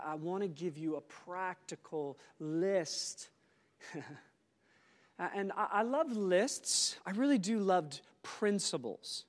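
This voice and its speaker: A man with a notably high voice delivers a sermon at a church conference, swinging between loud, animated exclamations and quiet, reflective asides. His voice rings out through a large church auditorium, trailing a long reverb tail. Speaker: conference speaker.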